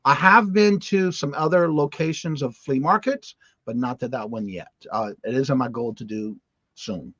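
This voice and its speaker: A man from Louisiana, a guest reseller, chatting casually and telling animated stories. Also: medium pitch, moderate pace, no room sound. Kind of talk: casual livestream chat. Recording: dull dry audio.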